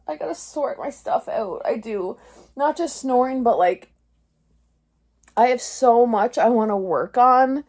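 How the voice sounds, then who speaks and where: A woman's voice: high voice, lively intonation, unhurried. Chatty rambling woman vlogger. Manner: rambling, heavy use of "like", laughing through embarrassment. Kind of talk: casual confessional vlog chat.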